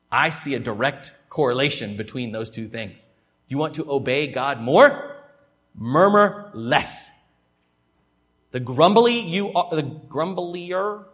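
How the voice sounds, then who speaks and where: Emphatic pastor preaching. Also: male voice, on the high side. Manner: emphatic, swings from loud to hushed, repeats words. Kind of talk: sermon. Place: church.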